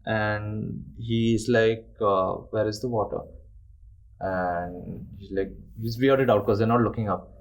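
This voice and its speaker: A man's voice: lowish voice, fairly even intonation, slow, rough recording. A young man, casually telling a ghost story on a podcast and swearing freely. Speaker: podcast host.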